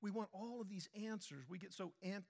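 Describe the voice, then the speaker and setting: Higher-voiced man preaching in an echoing church. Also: a little fast, vocal fry, darkish tone. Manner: emphatic, questions the congregation directly. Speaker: pastor. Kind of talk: sermon. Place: church sanctuary.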